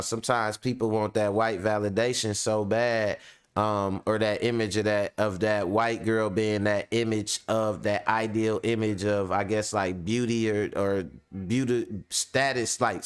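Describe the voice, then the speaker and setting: A man's voice: on the low side, clean tone. A man hosting casual reaction commentary, telling stories in loose slang with many fillers. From Kenya. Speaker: commentary host.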